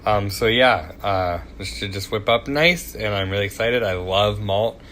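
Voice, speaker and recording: A man's voice: on the low side, unhurried, fairly bright tone, slight background noise. A young man hosting a casual home cooking demonstration, chatty and self-deprecating, with loose fillers and asides as he works. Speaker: cooking show host. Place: home kitchen.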